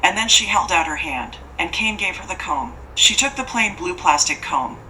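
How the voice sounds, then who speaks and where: A woman narrating an audiobook in a steady, even storytelling manner. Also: lowish voice, normal speed, a little hiss or hum, rough recording. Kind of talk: scripted narration.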